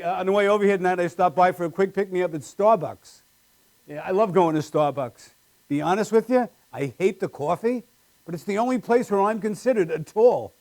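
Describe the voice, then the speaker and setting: A man's voice: high voice, fairly quick, darkish tone. A man doing a live stand-up routine with wry, self-deprecating punchlines on a small comedy stage.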